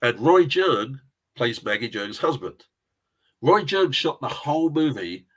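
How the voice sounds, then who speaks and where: A middle-aged man from England, chatting casually as an interview guest. His voice has a husky, slightly rough edge at an ordinary male pitch. He wanders from anecdote to anecdote and chuckles often. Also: big pitch swings, unhurried. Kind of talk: casual chat.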